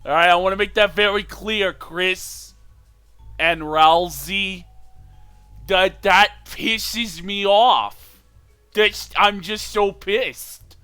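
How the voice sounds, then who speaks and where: A man's voice: sits high, slow, bright, forceful tone, clean tone, no room sound, faint music behind. A man casually rambling through his game commentary, swearing when annoyed. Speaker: let's play host.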